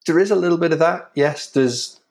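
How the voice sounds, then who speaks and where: A man from England with a Yorkshire accent, a guest on a technical podcast, explaining his software carefully with small restarts. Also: a little high, a little fast, gravelly. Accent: Yorkshire English. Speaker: guest, framework creator.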